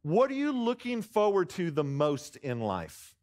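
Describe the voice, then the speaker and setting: A guest pastor with a high voice whose pitch swoops wildly speaks at a measured pace in a church sanctuary, choked up almost to tears. He delivers a call-and-response sermon, joking warmly at his own expense, coaxing answers from the congregation and restarting sentences often.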